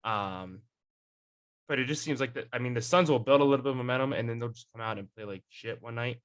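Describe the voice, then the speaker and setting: Bright-voiced young man hosting a podcast. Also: medium pitch, quick pace, muffled recording. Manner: rambling, many fillers and restarts. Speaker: podcast host. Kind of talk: casual sports chat.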